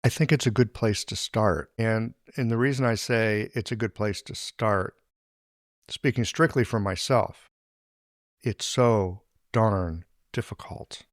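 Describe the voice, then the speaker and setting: A man hosting a podcast interview, speaking in a halting, reflective way. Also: on the low side, no echo, studio quality. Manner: halting, many fillers and restarts, reflective. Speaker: podcast host.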